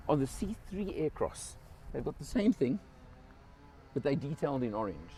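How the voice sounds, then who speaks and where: A man's voice: mid-range voice, very animated, brisk, dark tone. A South African man giving an enthusiastic, casual walkaround car review outdoors beside a car, pointing out features as he goes.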